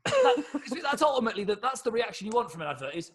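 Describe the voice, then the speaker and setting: A man's voice: sits high, wildly swooping pitch, fast talker, fairly bright tone. A man talking as a comedian guest in a casual comedy chat, stop-start and hesitant.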